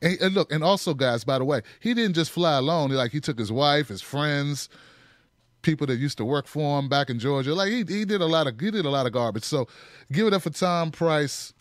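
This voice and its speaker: A man's voice: on the high side, expressive, fairly quick, no echo, clean studio sound. A man hosting a political commentary show, talking in a punchy, sarcastic way with mocking asides.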